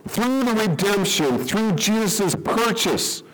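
A man's voice: sits high, big pitch swings, slow, a bit bright, low-quality recording. A man preaching a sermon, telling a story and then reading scripture in a conversational way. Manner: conversational, checks in with "okay?". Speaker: pastor.

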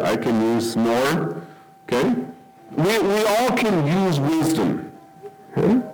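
A middle-aged man preaching a sermon to his congregation in a relaxed, conversational way, often checking in with "okay?" and repeating words as he restarts. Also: on the high side. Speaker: pastor. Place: church hall with congregation. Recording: roomy echo with music behind.

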